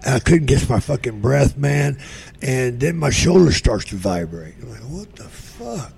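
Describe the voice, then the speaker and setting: A man's voice: medium pitch, lively intonation, normal speed, gravelly, a little mellow, breathy edge. An older man, a podcast guest, telling profane stories in a drawl and acting out the voices of the people in them. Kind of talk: casual storytelling.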